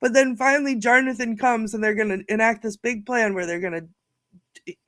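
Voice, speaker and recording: A woman recaps her favorite film moments with lively, laughing energy. She sounds like a co-host in a relaxed group chat. The sound is dry, with no room around it. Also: fairly high pitch, a little fast, no room sound. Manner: animated storyteller, laughs often. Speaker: podcast co-host. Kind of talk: casual chat about a film.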